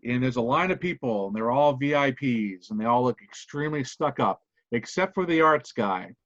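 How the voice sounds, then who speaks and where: A man's voice: mid-range voice, expressive, moderate pace, a bit bright, no room sound, highs cut off. A man running a tabletop game as game master, narrating scenes loosely in an online session.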